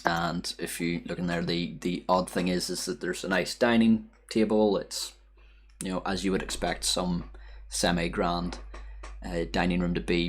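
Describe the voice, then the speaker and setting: A man narrating as dungeon master, describing scenes with frequent pauses and fillers. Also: sits low, steady tone. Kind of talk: narrating a tabletop game.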